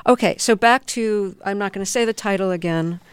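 A woman hosting an interview, curious and quick to laugh. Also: medium pitch, clear, resonant tone, no room sound. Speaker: radio interviewer. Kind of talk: casual interview.

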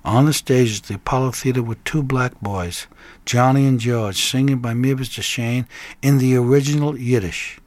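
An older man, a guest songwriter, telling a story in an animated way and breaking into snatches of song. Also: medium pitch, moderate pace, no echo. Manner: lively raconteur who breaks into snatches of song and laughs.

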